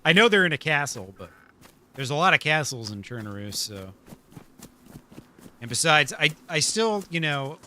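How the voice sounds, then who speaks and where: Chatty male game streamer, bright lively voice. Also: a little high, moderate pace, long pauses. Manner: chatty, laughs often, self-deprecating. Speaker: streamer playing a role-play game. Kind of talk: casual chat while gaming.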